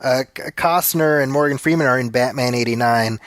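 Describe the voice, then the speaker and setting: A man's voice: medium pitch, brisk, fairly bright tone, no room sound. A man co-hosting a casual movie commentary podcast, easygoing, padding his points with fillers and slipping in wry jokes. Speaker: podcast co-host.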